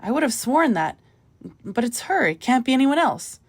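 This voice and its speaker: A woman's voice: medium pitch, animated, a little fast, voice pushed up. A woman reading the part of an astonished woman visitor, speaking up in raised exclamations. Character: astonished woman visitor, old school friend.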